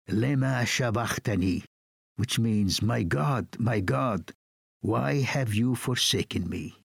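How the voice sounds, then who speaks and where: Slow, solemn male preacher. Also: medium pitch, no echo, studio quality. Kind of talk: sermon reading scripture.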